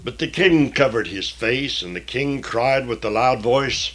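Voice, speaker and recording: Man, scripture reading with commentary, very slow, measured, mid-pitched, plain asides between verses. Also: animated, a bit bright. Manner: deliberate old-fashioned scripture diction with plain asides. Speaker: Bible reader and teacher.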